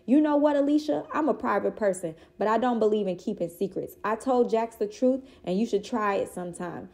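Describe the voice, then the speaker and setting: A woman's voice: medium pitch, fairly quick, a little mellow, lightly acted. Woman voicing a blunt old grandmother. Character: stern elderly grandmother with a cane.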